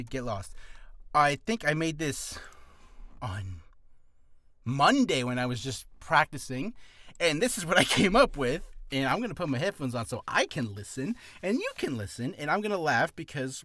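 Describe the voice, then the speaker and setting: A man's voice: on the high side, big pitch swings, moderate pace, bright, forceful tone, dry recording. A man talking casually to his vlog audience, rambling and joking at his own expense. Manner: rambling, jokey, self-deprecating. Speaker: hobby voice actor and vlogger. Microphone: studio mic with audio interface.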